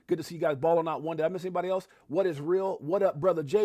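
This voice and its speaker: A man hosting a casual crypto livestream, giving hyped viewer shout-outs that swing from low mumbles to loud shouted catchphrases, his throat getting scratchy. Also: fairly even intonation, rapid-fire, no echo, studio quality.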